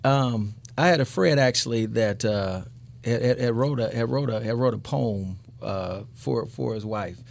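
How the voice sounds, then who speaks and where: A man's voice: mid-range voice, a little slow, vocal fry, a little hiss or hum. A middle-aged man, a guest author, answering interview questions in a loose, rambling way and repeating words as he thinks. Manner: rambling, repeats words while searching for thoughts.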